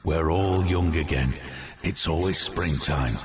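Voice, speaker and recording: A man playing a frail old friend, in his nineties, who speaks as a hoarse, hushed ghost. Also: a bass voice, takes it slowly, crowd noise. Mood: calm ghostly.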